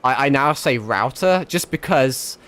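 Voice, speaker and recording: A man's voice: mid-range voice, expressive, moderate pace, fairly bright tone. A young man with a mixed northern English accent, chatting casually to his livestream while gaming, rambling, swearing and laughing often. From England. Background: faint background music.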